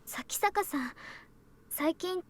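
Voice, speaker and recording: A woman voicing an earnest, shy schoolgirl in a visual novel, speaking gently and politely as she pleads with a friend. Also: very high voice, lively intonation, takes it slowly, dry recording, exaggerated voice. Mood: pleading. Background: game music.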